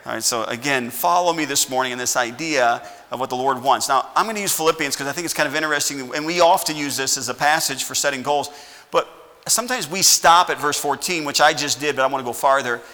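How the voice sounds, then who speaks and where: A man's voice: mid-range voice, fast, sharp tone, long reverb tail. A middle-aged man preaching a sermon as pastor, folksy, often checking in with "all righty?". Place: church sanctuary.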